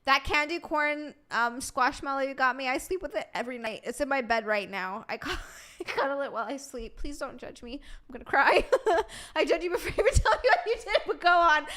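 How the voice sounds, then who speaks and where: Bubbly streamer girl rambling to chat, kinda high, bright voice. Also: expressive, fairly quick. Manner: bubbly, reads chat aloud, rambling asides. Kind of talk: casual live-stream chat.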